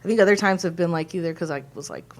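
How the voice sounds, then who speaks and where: A woman in her thirties, co-hosting a podcast, speaks quickly in a fairly low voice. In this casual, heartfelt conversation she rambles emotionally, with many fillers, as she holds back tears.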